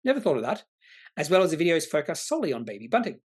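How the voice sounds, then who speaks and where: A man's voice: on the high side, big pitch swings, very fast, breathy edge. A man, hosting an investing channel and answering viewer comments in a rambling, opinionated way. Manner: rambling, opinionated, self-correcting.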